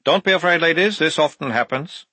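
A man's voice: a little high, brisk, pushed and bright, breathy edge, dry recording, voice pushed up. A man reading an audiobook, voicing a fussy, rule-bound male corporal. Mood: reassuring. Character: nervous male corporal on guard duty.

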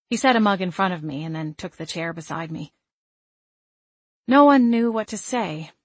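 Lady reading a novel out loud, lowish voice, soft and measured, dry close mic. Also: no room sound. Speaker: audiobook narrator. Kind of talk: first-person audiobook narration.

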